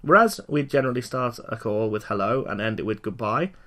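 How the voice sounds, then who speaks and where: A man giving a recorded lecture for learners, slowly and clearly repeating each phrase for them to follow. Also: mid-range voice, lively intonation, a bit bright. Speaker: language teacher.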